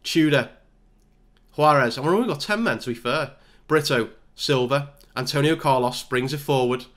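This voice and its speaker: A man's voice: on the high side, a bit bright. A man giving casual, self-mocking play-by-play commentary over a football management game. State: out of breath. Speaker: gaming YouTuber.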